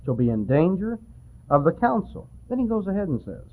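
Lively preaching man, tinny old tape. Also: high voice, moderate pace. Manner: animated, conversational, acts out quotes. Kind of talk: sermon. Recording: tinny phone-like old recording.

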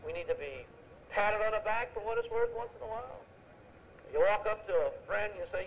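A man's voice: sits high, a little fast, slight background noise, low-quality recording. A man preaching a sermon, asking rhetorical questions and acting out everyday conversations. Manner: animated preaching with rhetorical questions and acted-out dialogue.

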